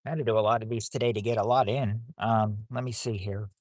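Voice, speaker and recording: A man's voice: fairly low pitch, fairly even intonation, fast talker, a little mellow, dry recording, studio quality. A man hosting a livestream game night on his phone in a casual, rambling way, reading out viewers' names and answers.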